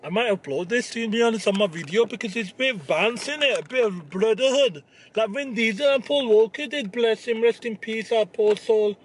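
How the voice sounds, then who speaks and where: Young male vlogger, high-pitched, cheeky banter, outdoor recording with faint noise. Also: brisk. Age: young adult. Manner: teasing, swearing, laughing. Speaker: vlogger host. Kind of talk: casual banter vlog. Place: outdoors by a car.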